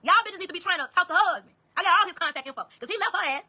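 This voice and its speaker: A woman's voice: very high voice, expressive, very fast, pushed and bright. A woman telling a story to her viewers in a casual, profane, emphatic way, often calling out to "y'all".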